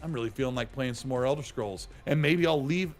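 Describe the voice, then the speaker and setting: A man's voice: mid-range voice, a little fast, soft background music. A man co-hosting a casual gaming podcast, joking in an easygoing way. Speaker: podcast co-host. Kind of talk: casual live-stream chat.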